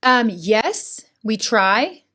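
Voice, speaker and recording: A middle-aged woman speaks as a podcast guest, recounting personal experiences with earnest feeling. She talks in an animated way, checking in with her listener with a frequent "right?". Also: on the high side, very slow. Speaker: school board president, guest. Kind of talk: emotional personal testimony in a podcast interview.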